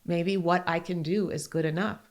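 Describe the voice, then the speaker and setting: A woman in her forties telling personal stories in a casual, animated way as a podcast guest. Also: fairly low pitch, normal speed. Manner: animated, grows excited then softens. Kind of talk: casual conversational storytelling.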